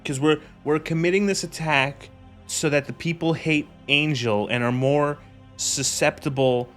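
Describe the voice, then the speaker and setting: A man's voice: on the high side, fairly even intonation, unhurried, a bit bright, faint music behind. A man streaming a game and commenting casually, rambling, laughing often and swearing.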